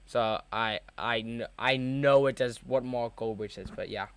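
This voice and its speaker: A young man hosting a live football watchalong, reacting to the match with chatty, excitable fan commentary. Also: medium pitch, unhurried, slight background noise.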